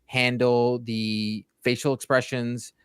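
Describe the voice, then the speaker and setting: A man on a relaxed podcast who gets animated as he talks, tripping over his words and starting sentences again. His voice sits in a middle pitch range. The sound is close and dry, with no room around it. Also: takes it slowly, clean tone, dry recording. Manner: animated, stumbling restarts. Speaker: podcast co-host. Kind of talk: casual podcast chat.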